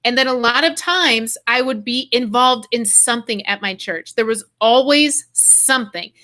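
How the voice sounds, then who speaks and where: A woman hosting a podcast, telling a personal story in animated casual chat with quick asides. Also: fairly high pitch. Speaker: podcast host.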